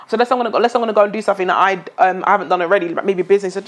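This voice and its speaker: A woman telling a story in casual chat, acting out the quoted dialogue in an animated way. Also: medium pitch, racing, hardly any pauses.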